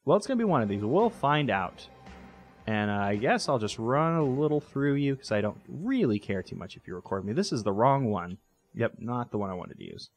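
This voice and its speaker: A man narrating his gameplay in a loose, rambling way, joking and correcting himself as he goes. His pitch swings widely, lively and animated. His voice sits at an ordinary middle pitch for a man. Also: a little fast, faint music behind. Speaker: let's play host. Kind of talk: casual gameplay commentary.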